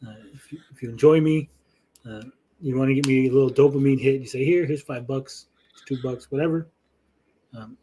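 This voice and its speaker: Blunt, husky-voiced male streamer. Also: medium pitch. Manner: blunt, profane, argumentative, asks "right?" often. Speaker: show host. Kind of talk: casual livestream commentary.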